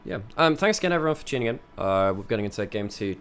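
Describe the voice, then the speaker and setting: A man's voice: fairly low pitch, sing-song, quick pace. A British man hosting an esports stream, chatting casually with frequent stammering restarts. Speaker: esports caster and stream host. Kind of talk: casual live-stream chat.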